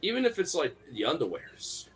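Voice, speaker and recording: A man's voice: a little high, wildly swooping pitch, a little fast, fairly bright tone, slightly rough. A man in casual chat, rambling in joking, slangy banter.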